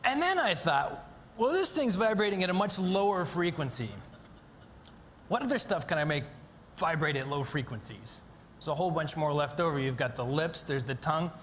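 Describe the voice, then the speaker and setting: An eager man explains his work from a lecture stage, his somewhat high voice full of ums and quick restarts. His voice rings through a long hall reverb, over faint background noise. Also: lively intonation, a bit bright. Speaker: conference speaker. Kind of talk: live stage talk explaining a demonstration.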